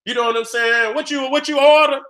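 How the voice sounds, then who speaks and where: High, bright-voiced man ranting. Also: fairly even intonation, brisk. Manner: heated, streetwise, loud, acts out dialogues. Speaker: video host. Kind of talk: profane ranting commentary.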